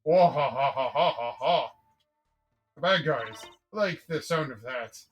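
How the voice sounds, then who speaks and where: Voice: animated, normal speed, pushed and bright, faint music behind. A streamer doing a gloating old mob matriarch. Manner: low, theatrical cackling delivery. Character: older female mob matriarch, proud and gloating. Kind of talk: voicing game dialogue on a live stream.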